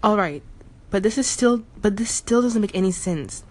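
A woman's voice: medium pitch, expressive, normal speed, darkish tone, close to an everyday voice. A woman voicing a wary, protective male house cat who asks anxious, stubborn questions in an audiobook story.

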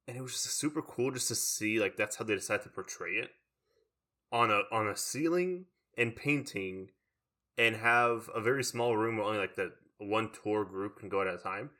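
Young man, casual rambler, low and bright voice, chatty podcast cohost. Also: normal speed. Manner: rambling, full of "like" fillers. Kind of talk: casual chat.

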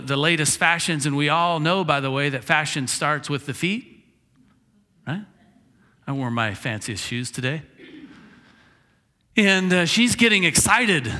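A man's voice: fairly high pitch, pushed and bright. A male pastor telling a story in a sermon, casual and chuckling, acting out the lines of the people in his story. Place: church sanctuary. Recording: reverberant church hall.

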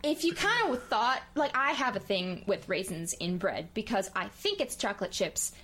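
A woman's voice: mid-range voice, sing-song, moderate pace, fairly bright tone, breathy edge. A woman co-hosting a casual podcast chat, playful and self-mocking, rambling through comic rants. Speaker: podcast co-host.

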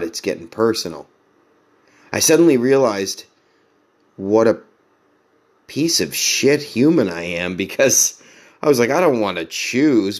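Low-voiced man telling a story. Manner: rambling, self-deprecating, chuckles as he talks. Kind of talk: casual storytelling monologue.

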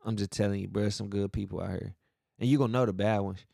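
A man hosting a casual podcast. He rants about his city and pitches himself as a real estate agent, in a profane, slangy and emphatic way. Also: fairly even intonation, quick pace, creaky, dark tone, dry recording, clean studio sound.

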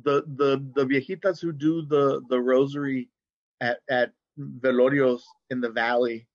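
A poet guest in his 40s from South Texas tells stories in a casual conversation, animated and restarting often. He speaks a little slowly and jumps high when imitating relatives; the audio is dull with no room sound.

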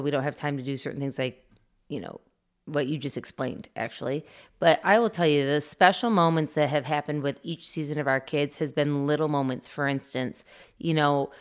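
Middle-aged woman, low and smooth, reflective podcast co-host. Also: fairly bright tone. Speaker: podcast co-host, mother of six. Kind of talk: casual conversation.

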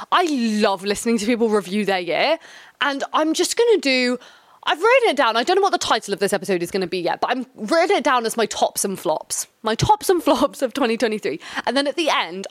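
A woman's voice: medium pitch, no echo. A young woman from England hosting a casual solo podcast, chatty and rambling with frequent asides. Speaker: podcast host.

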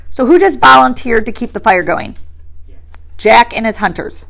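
A woman teacher reading a novel aloud to her class, pausing to quiz her listeners. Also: a little high, expressive, creaky, fairly bright tone.

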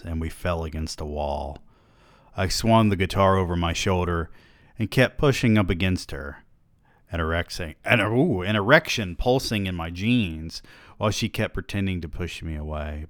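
A man's voice: sits low, normal speed, fairly bright tone, no echo. A man hosting a podcast who reads a novel aloud in a dry, wry way and breaks in with asides, on a close microphone.

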